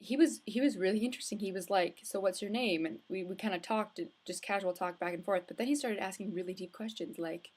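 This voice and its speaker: A woman's voice: medium pitch, brisk, hardly any pauses, darkish tone. A young woman vlogging from home, telling a casual, rambling story full of likes and restarts. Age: young adult. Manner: chatty, rambling, with many filler likes and restarts. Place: indoors at home, with hood up.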